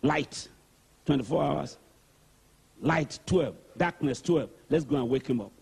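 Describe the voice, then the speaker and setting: A man voicing a calm, gentle male teacher who speaks softly and with quiet irony. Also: fairly high pitch, a little slow, gravelly, slightly rough, pitched below the performer's own voice, full character voice.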